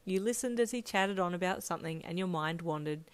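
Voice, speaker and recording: A woman reading her own fan fiction aloud, narrating in second person in a steady, plain manner. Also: lowish voice, brisk, clean tone.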